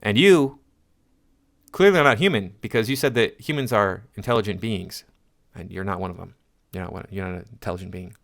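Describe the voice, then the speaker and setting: A man's voice: lowish voice, fairly quick, a bit bright. A man hosting a commentary channel, reading social media posts aloud and answering them in a scornful, lecturing way.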